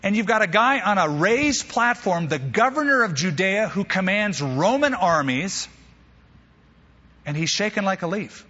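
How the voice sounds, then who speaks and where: Pastor guy preaching, bouncy storyteller with jokes, kinda husky, muffled echoey hall sound. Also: high-pitched, measured pace. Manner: animated storyteller with humorous asides. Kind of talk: sermon.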